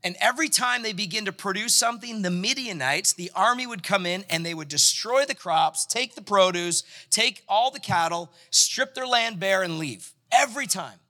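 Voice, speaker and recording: A man preaching a sermon in a conversational, animated way, acting out the scripture as he goes. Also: sits high, moderate pace, few pauses. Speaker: pastor.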